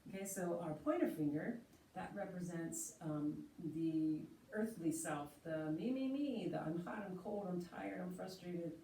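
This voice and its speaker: A woman teaching yoga, slowly and gently cueing breath and movement. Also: lowish voice, animated. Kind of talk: guided yoga instruction. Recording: roomy echo, voice from a distance, faint hiss.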